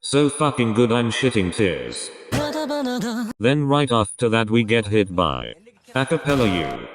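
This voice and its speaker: A young man giving casual, excitable reaction commentary as a fan, swearing often and gushing. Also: fairly low pitch, measured pace. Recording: loud music under voice.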